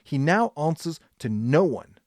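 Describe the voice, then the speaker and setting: A man hosting a podcast, telling a business history story in an animated, emphatic way. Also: fairly high pitch, a little slow, no room sound, studio quality. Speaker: podcast host.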